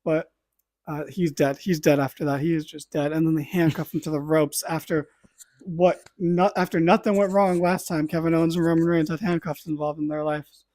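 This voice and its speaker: A man hosting a podcast, giving a lively play-by-play recap in casual chat, with offhand asides and the odd swear. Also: on the high side, normal speed, dry recording. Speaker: podcast host.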